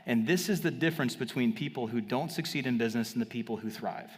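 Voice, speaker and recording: A man giving a confident, salesy marketing talk on stage at a live event. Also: in a large hall. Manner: fast, salesy, confident pitching. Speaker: marketing speaker.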